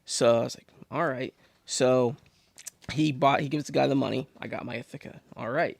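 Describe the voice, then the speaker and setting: Podcast guest, male, from Pennsylvania, gravelly, chatty storyteller, dry sound. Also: mid-range voice, normal speed, no room sound. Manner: rambling, animated storyteller with many restarts. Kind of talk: casual storytelling.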